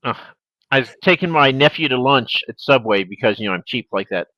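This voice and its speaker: A man's voice: medium pitch, animated, brisk, bright, forceful tone, dry recording, poor audio. A man from the United States telling playful anecdotes in a casual chat over a video call.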